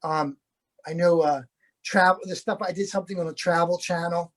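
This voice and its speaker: A man's voice: on the high side, fairly even intonation, moderate pace, fairly bright tone. A middle-aged man talks as an interview guest, an actor. He rambles and restarts his sentences often, keeping a good-humored, easygoing tone throughout. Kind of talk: casual interview chat.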